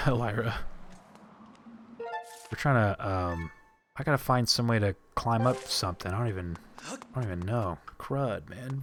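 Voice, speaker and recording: A man's voice: lowish voice, measured pace, pauses often, fairly bright tone, a little hiss or hum. A man streaming live gameplay, joking, swearing and rambling in asides.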